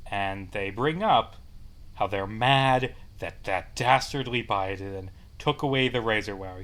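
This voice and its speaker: A man's voice: medium pitch, animated, a little slow, fairly bright tone. A young man in a heated, profane vlog rant, repeating himself as his anger builds. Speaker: vlogger. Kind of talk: angry personal rant.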